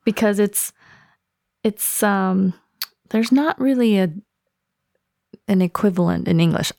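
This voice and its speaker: A woman language teacher chats on a podcast in a mellow, warm-toned voice. She is encouraging and keeps up steady affirming murmurs. The recording is close and dry. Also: medium pitch, takes it slowly, gravelly, long pauses, dry recording. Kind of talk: casual language-lesson chat.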